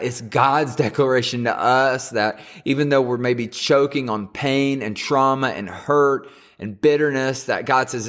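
A young man hosting a podcast, giving an earnest Christmas devotional and ending in prayer, speaking haltingly with many restarts. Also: mid-range voice, fairly bright tone. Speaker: podcast host.

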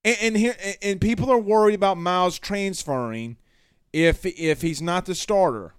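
A man hosting a sports show in casual chat, reading out viewer comments in a blunt, animated way with some trash talk. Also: high voice, moderate pace, smooth, no room sound, clean studio sound.

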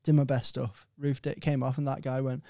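A man's voice: medium pitch, a little fast, vocal fry, dry recording, studio quality. A man from Liverpool with a Liverpool accent, a stand-up comedian telling swearing-laced stories in casual podcast chat. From Liverpool, England. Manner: animated anecdotes with quoted voices, swearing. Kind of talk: casual chat, comic storytelling.

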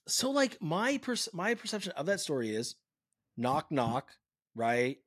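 A man hosting a casual podcast, telling stories with lots of swearing. His pitch swings up and down as he talks. The sound is close and dry. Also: measured pace, slightly rough, no room sound. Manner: animated storyteller, swears a lot. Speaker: podcast host. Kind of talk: casual chat. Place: lives in Saint Louis.

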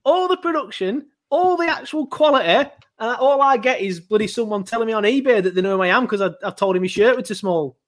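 High-voiced grumbling man. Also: expressive, quick pace, few pauses. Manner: sarcastic, grumbling mock complaints. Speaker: podcast co-host and producer. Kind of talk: casual podcast banter.

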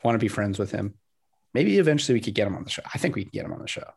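A man co-hosting a casual sports podcast, telling a story with animated energy and laughing between lines. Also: lowish voice, racing, creaky, husky. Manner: animated storyteller, reading quotes aloud and laughing. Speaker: podcast co-host.

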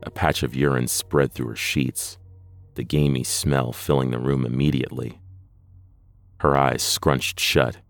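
A man narrating a horror story in a measured, deliberate scripted reading. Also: very deep voice, level tone, creaky, dry recording, faint music behind.

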